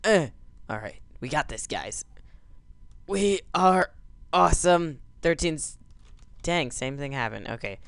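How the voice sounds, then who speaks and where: Male let's-play commentator, silly and jokey, with a smooth, creaky voice. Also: a little high, animated, measured pace, pauses often, fairly bright tone, no room sound. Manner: goofy, yelping over the game's crashes. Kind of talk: gameplay commentary.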